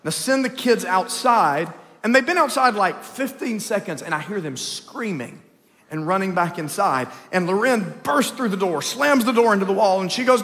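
A man preaching a lively Easter sermon in a church, swinging between loud calls and hushed storytelling. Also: high voice, moderate pace. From Texas. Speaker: pastor. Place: church sanctuary, live service. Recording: long church hall reverb.

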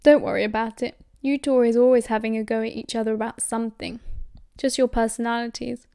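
A British woman voicing an easygoing teenage boy who talks in a relaxed, reassuring way. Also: a little high, a little fast, creaky, clean tone, no echo, clean studio sound. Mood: casual.

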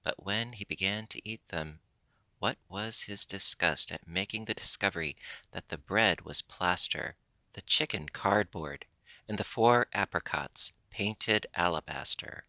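A man reading a classic children's story aloud as narration, steady and expressive. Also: deep voice, measured pace, dry recording. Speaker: audiobook reader.

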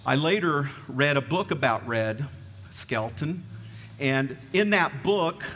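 A man's voice: mid-range voice, a bit bright. A middle-aged man with a Southern US twang, preaching a folksy storytelling sermon and asking the congregation questions. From American South. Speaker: pastor. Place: church sanctuary. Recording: reverberant church hall.

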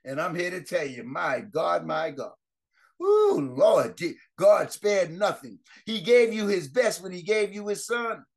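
Male pastor, fervent prayer-line sermon, rather high voice, repeats and restarts phrases. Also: moderate pace, gravelly, few pauses. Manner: fervent preaching with repeated exclamations and rising emphasis.

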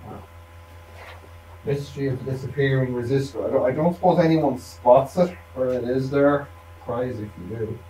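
A man thinks out loud at a workshop bench, rambling casually and dropping wry asides while he demonstrates electronics work. His voice is mid-range at a moderate pace, and the distant mic picks up faint room noise.

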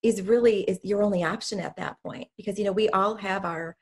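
A woman's voice: medium pitch, brisk, breathy edge. A middle-aged woman hosting a podcast, talking earnestly and repeating words as she builds her point. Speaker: podcast host. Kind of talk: casual interview chat.

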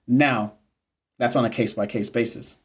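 A man's voice: medium pitch, steady tone, normal speed, breathy edge. A man coaching nursing students on a livestream. He reads chat comments aloud and answers viewers by name in a blunt, profane, encouraging way.

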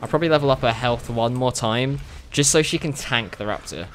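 Excitable young man swearing at a game. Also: mid-range voice, fairly quick, a little hiss or hum. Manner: excitable, swears a lot, laughs often. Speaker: gaming video host. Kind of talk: casual gameplay commentary.

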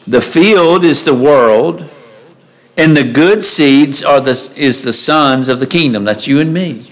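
A man's voice: on the high side, measured pace, low-quality recording. Man preaching a conversational sermon. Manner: conversational, asks rhetorical questions, reads scripture aloud. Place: church sanctuary.

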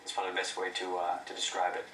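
Deadpan comic, very bright tone, echoey room. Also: male voice, low voice, racing, recorded from a distance, slight background noise. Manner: dry, deadpan wit. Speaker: stand-up comedian. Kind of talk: stand-up set and interview.

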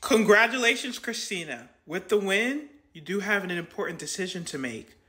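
A woman's voice: medium pitch, animated, background noise, pitched below the performer's own voice, natural voice. Woman playing a toy game-show host. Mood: announcing. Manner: announcing, drawn-out.

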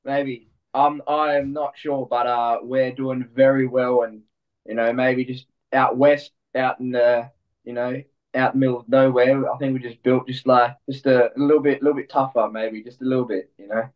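Young aussie fighter, laid back, kinda halting, muffled and far from the mic. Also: male voice, medium pitch, level tone. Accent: Australian. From Australia. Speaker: fighter, guest. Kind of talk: casual interview.

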